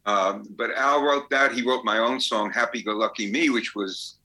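In an anecdotal interview, a songwriter guest in his eighties chats through his stories and laughs as he talks. His medium-pitched voice moves at a normal speed and sounds pushed and bright, though the recording quality is low.

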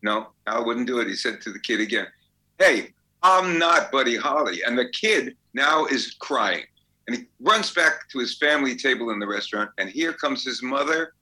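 A man's voice: mid-range voice, moderate pace, bright, forceful tone, low-quality recording. A man in his eighties, a songwriter guest, telling anecdotes in a chatty way and laughing as he goes. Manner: chatty storyteller, laughs as he talks. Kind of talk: anecdotal interview.

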